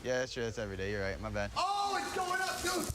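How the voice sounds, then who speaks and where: Excitable young man, high voice, loud noise. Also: fairly quick. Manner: excitable, shouts and laughs with friends. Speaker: vlogger. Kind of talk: casual chat.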